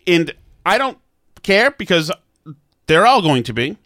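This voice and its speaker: A man's voice: high-pitched, sing-song, unhurried, fairly bright tone, no echo, studio quality. A man hosting a political talk show, giving blunt, sarcastic commentary with frequent stammered restarts.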